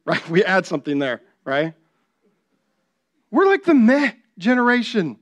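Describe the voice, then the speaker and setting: A man's voice: sits high, big pitch swings, unhurried, long pauses, fairly bright tone. A young adult man preaching a sermon as pastor, talking conversationally and often asking the congregation "right?".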